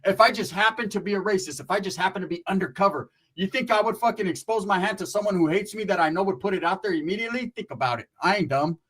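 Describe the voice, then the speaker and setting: Ranting fast on his channel's livestream with hardly any pauses, a young Northern Californian man swears bluntly and keeps adding "right?" and "bro." His high voice is husky yet fairly bright, and the audio is rough.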